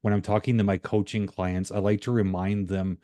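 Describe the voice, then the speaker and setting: Low, mellow-voiced male life coach. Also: dry recording. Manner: calm, measured, explaining from his coaching work. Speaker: life coach and podcast host. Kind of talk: conversational reflection.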